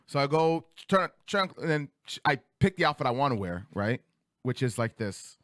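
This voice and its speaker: A podcast host in his thirties tells a casual story in a studio at normal speed, animated and acting out each quote with big pitch jumps. His voice leaps high and drops low, and the sound is dry and close with no room sound.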